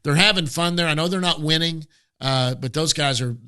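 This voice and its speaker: Middle-aged guy cohosting, bright forceful tone, easygoing chatty stories about ballplayers. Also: a little high, normal speed, clear, resonant tone. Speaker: podcast co-host. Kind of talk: casual sports chat.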